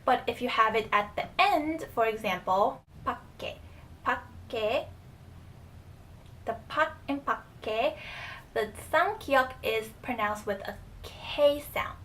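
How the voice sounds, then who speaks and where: A young woman with a fairly high voice teaches a relaxed video lesson. She explains patiently and says each example word twice. A faint hiss sits behind her voice. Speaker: language teacher.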